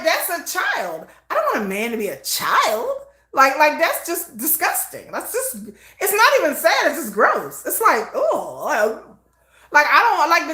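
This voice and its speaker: A middle-aged woman hosting a casual livestream, blunt and animated, laughing often and acting out conversations. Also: high voice, echoey room. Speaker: livestream host.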